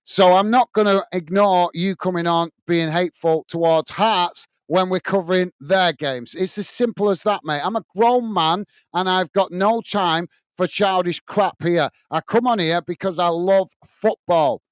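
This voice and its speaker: A man's voice: high voice, unhurried, hardly any pauses, smooth, no echo. A man hosting a live football watch-along, calling the play and reading out chat messages, and firmly telling off a rude viewer. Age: adult. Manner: calls play-by-play, reads chat messages aloud, scolds a troll firmly.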